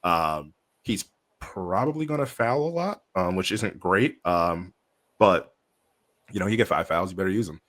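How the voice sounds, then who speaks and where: A man's voice: sits low, animated, normal speed, fairly bright tone. A man co-hosting a sports podcast, talking casually and rambling with many fillers. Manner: rambling, lots of likes and ums. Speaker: podcast co-host.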